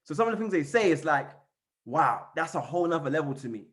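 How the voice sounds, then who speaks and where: A man giving an energetic motivational training on a call, repeating and chanting phrases as he coaches his team. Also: on the high side, fast talker. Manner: fired-up, repetitive, chanting phrases. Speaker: network marketing trainer. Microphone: call recording.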